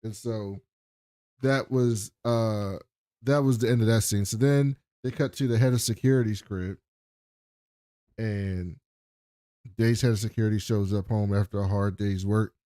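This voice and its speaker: A man co-hosting a casual recap chat, animated and profane, acting out quoted lines in funny voices. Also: on the low side, unhurried, long pauses, no echo, clean studio sound. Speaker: podcast co-host.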